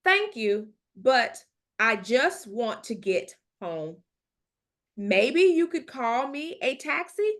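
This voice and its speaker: A woman reading aloud the lines of a hurt, guarded young woman stranded at night, in a storybook, in a raised and lively voice. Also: on the high side, slow, full character voice. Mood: wary. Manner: guarded, polite, uneasy.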